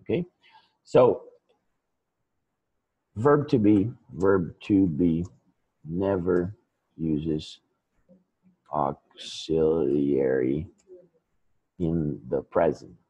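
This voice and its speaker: A man teaching English grammar in a lesson, slowly and patiently explaining with example sentences. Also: low-pitched, warm tone, slightly rough, lo-fi sound. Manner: slow, patient, repeats points with example sentences.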